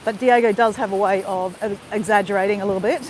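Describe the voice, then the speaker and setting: A woman's voice: medium pitch, fairly even intonation, quick pace, slight background noise, poor audio. A woman vlogger crying as she talks, rambling with lots of "you know" while on a walk outdoors. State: tearful, crying. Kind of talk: emotional live-stream monologue.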